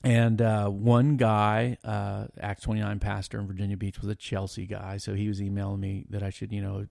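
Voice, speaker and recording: A middle-aged man on a podcast telling a story in an animated, laughing way, often stopping and starting again. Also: fairly low pitch, normal speed, gravelly, few pauses, no echo, studio quality. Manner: animated, laughing, trails off and restarts. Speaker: podcast guest. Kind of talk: casual storytelling chat.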